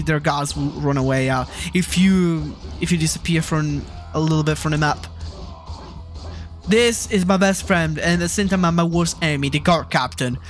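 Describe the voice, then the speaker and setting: A man's voice: on the high side, a bit bright. A man hosting a gaming channel, chatting casually over gameplay, rambling, repeating himself and getting heated and swearing.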